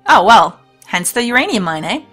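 A woman's voice: medium pitch, big pitch swings, moderate pace, sharp tone, slightly rough, soft background music. A woman hosting a let's play, reading a storybook game aloud with chatty, laughing asides. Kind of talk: let's play narration and commentary.

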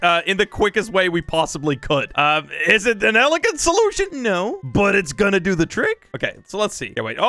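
A young man giving excitable gameplay commentary as a gaming YouTuber, laughing often and breaking into exclamations. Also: sits high. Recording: music playing faintly behind.

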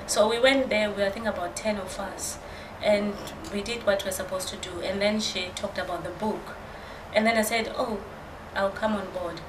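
A woman's voice: mid-range voice, fairly even intonation, normal speed, few pauses. A woman guest earnestly telling her story in casual conversation. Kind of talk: casual chat. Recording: roomy with background noise.

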